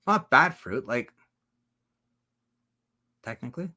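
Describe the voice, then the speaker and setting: A man's voice: medium pitch, moderate pace, a bit bright. A man hosting a casual livestream, reading out chat comments and riffing on them in a rambling, profane way.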